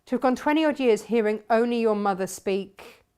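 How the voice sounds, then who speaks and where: A woman's voice: on the high side, a little fast, a little mellow, clean tone. Middle-aged woman, chatty shop live-stream host, reads out comments and laughs a lot. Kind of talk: casual live-stream chat.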